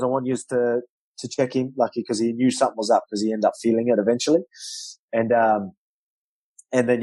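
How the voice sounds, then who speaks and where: Animated man telling a story. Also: medium pitch, no room sound, poor audio. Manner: animated storyteller, loose swearing, acts out quotes. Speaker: guest, professional fighter. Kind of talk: storytelling in casual interview.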